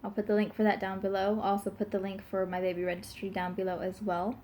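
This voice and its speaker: A woman's voice: mid-range voice, monotone, fast talker, dark tone, a little hiss or hum. A young pregnant woman in her twenties chatting casually to camera, rambling with lots of fillers and giggles. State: pregnant, burping now and then. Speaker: vlogger.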